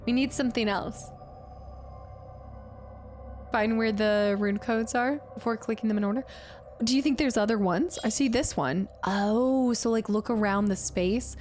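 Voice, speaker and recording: Chatty woman streamer, higher voice. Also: measured pace, a little mellow, a little hiss or hum. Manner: casual, chatty, thinking aloud. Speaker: game streamer. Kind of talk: live gameplay commentary.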